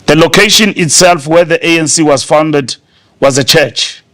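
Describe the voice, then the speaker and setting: A middle-aged man with a South African accent delivering a formal prepared speech at a conference, measured and stately, with deliberate pauses. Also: on the high side, fairly bright tone. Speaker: party official giving a speech. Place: conference hall.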